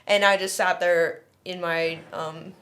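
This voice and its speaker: A woman's voice: fairly low pitch, unhurried, slight background noise. A young woman from Oman in her twenties, telling a personal story on a casual podcast chat and acting out the quotes. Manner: animated storyteller who acts out quotes. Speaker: podcast co-host and musician.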